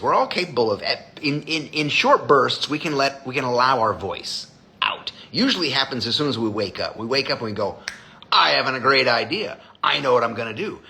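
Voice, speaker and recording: A man's voice: mid-range voice, big pitch swings, normal speed, bright, forceful tone. A man hosting a live stream as a designer, chatting casually with viewers in a blunt, profane way.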